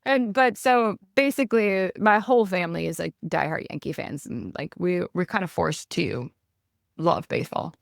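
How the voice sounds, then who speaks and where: A young woman with a New York accent, telling stories in a casual interview, animated and ranting, swearing freely. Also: on the low side, normal speed, gravelly, no room sound, studio quality. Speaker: guest.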